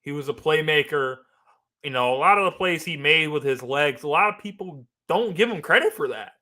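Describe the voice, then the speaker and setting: A man talks through his opinions in an unscripted monologue, pressing his points by repeating them. His voice sits a little high for a man, with a bright, forceful edge. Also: fairly quick. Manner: animated, emphatic, repeats phrases. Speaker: sports podcast host. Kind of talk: casual opinion commentary.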